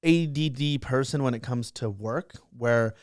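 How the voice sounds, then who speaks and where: A man's voice: mid-range voice, a little slow, dry recording, studio quality. A young man telling stories about his career in a casual interview, full of fillers and restarts. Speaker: guest, social media creator.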